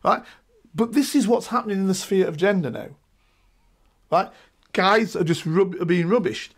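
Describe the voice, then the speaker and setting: This middle-aged man has a high-pitched voice and speaks at a normal speed. He's a guest in a casual discussion, animated and emphatic, frequently tossing in "right?" to check with listeners.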